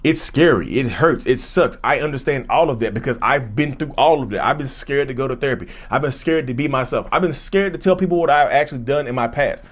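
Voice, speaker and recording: A man's voice: medium pitch, brisk, few pauses. Earnest, blunt man speaking frankly. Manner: earnest and emphatic, repeats and restarts phrases. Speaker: YouTuber discussing his own narcissism. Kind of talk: unscripted personal monologue.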